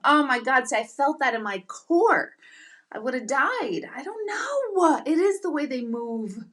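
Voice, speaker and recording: A middle-aged woman chats casually with her viewers, her voice bright and forceful. She tells stories in an excitable, animated way, with sudden loud outbursts. Her pitch sits a little high. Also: moderate pace. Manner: animated, excitable storytelling with bursts of loud exclamation. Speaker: livestream host.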